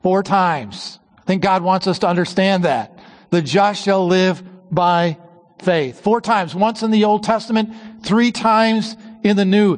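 High-voiced male preacher in a reverberant hall. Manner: slows and drops low on key phrases. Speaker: pastor. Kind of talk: sermon.

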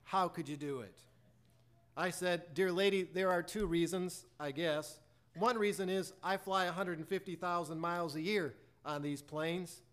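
A preacher telling a personal story in a sermon, acting out both sides of a conversation and reciting hymn lyrics. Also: male voice, high-pitched, normal speed. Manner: animated storyteller acting out dialogue.

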